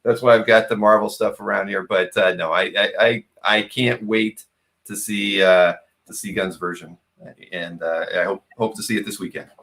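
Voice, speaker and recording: A man's voice: fairly low pitch, steady tone, moderate pace, a bit bright. A middle-aged man hosting a live sales show, joking and self-mocking, with lots of fillers. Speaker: host.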